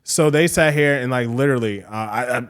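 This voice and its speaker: Man telling a rambling story, mid-pitched. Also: fairly quick, a bit bright, clean tone. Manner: rambling, full of "like" and "you know". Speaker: guest DJ. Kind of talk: casual interview storytelling.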